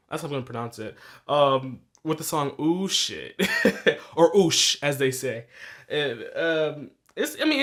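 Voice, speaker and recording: A man's voice: on the high side, fairly bright tone. Young man, podcast host, casual music review, rambling, swears a lot, restarts sentences, chuckles. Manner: rambling, profane, self-correcting, laughs at himself.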